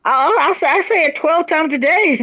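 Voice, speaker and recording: A man's voice: very high-pitched, animated, normal speed, sharp tone. A man speaking bluntly and outspokenly in casual chat with friends, on a slightly muffled lo-fi microphone.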